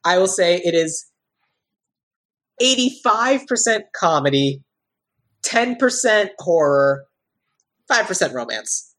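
A woman's voice: lowish voice, lively intonation, slow pace, long pauses, a bit bright. A woman co-hosting a podcast, chatting loosely about a movie with lots of "like" and restarts. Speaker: podcast co-host. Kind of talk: casual chat about a movie.

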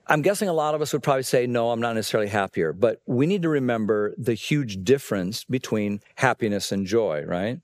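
A man's voice: medium pitch, darkish tone, no room sound. A man preaching a Christmas sermon in a conversational way, asking the listeners questions and often repeating words. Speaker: pastor.

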